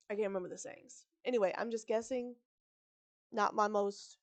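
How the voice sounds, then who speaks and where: A woman reading a book aloud on a live stream, pausing for chatty, digressive asides and correcting her own slips. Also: medium pitch, darkish tone. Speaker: live-stream story reader.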